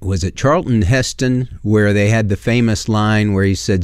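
A man's voice: on the low side, steady tone, normal speed, a little mellow, smooth, no room sound, clean studio sound. A man hosting a call-in radio show, speaking earnestly and plainly and taking callers.

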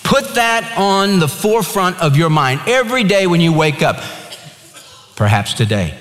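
A pastor preaching a sermon, reading scripture emphatically and telling stories. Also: male voice, high-pitched, lively intonation, normal speed, fairly bright tone, big-room sound.

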